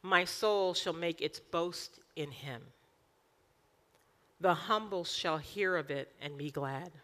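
Woman pastor, 40s, bright forceful voice, emphatic sermon delivery. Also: on the low side, takes it slowly, big-room sound. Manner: lively, emphatic preaching with rhetorical questions.

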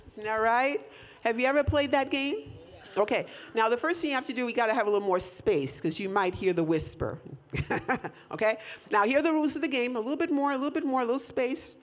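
A woman leading a live audience through a whisper game, coaxing volunteers and laughing often. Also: fairly high pitch. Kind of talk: lively audience participation.

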